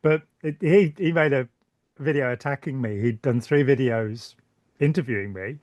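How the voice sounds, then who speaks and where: A man's voice: mid-range voice, moderate pace, a little mellow, dry recording, dull audio. A British man hosting a casual chat, his voice tiring, joking and rambling as he stumbles over repeated words. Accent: British English. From Britain. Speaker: channel host. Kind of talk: casual conversation.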